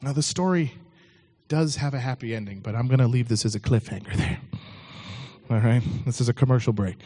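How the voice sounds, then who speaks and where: A man's voice: mid-range voice, brisk, mellow, husky. A man preaching a sermon, telling a story in a conversational way with frequent restarts.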